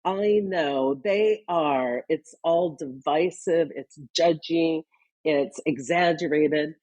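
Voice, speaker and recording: A woman with a low, husky voice explains her ideas on a podcast through lively stories and examples. Her tone is warm and mellow, and she speaks as an interview guest. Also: takes it slowly. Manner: animated storytelling, talks in examples. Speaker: guest, leadership consultant.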